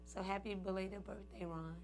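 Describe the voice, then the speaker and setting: A woman hosting her own show, talking loosely and chattily straight to her audience. She calls them "y'all" and "ladies" and breaks into laughter between thoughts. Her voice sits at an ordinary middle pitch. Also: fairly even intonation, moderate pace, a little mellow. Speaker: show host. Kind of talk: casual chat to viewers.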